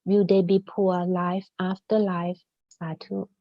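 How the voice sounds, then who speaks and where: Lady moderator reading questions real slow and formal, dry dull call audio. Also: fairly low pitch, little pitch movement, no room sound. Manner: reads slowly and formally. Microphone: video call.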